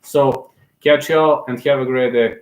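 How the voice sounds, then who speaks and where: A man from Serbia, giving fervent live fight commentary on his own stream and cheering loudly for his fighter. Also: mid-range voice, fairly even intonation, measured pace, echoey room, low-quality recording.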